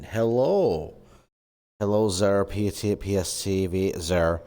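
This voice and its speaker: A man's voice: deep voice, slow, mellow. A man streaming while in virtual reality, chatting casually and rambling as he greets his viewers one by one. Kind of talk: casual live-stream chat.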